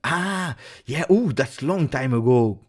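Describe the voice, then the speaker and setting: A man's voice: mid-range voice, breathy edge. A man with an Italian accent hosting a live football reaction stream, talking casually and joking, with many "uh"s. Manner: animated, joking, halting with "uh"s.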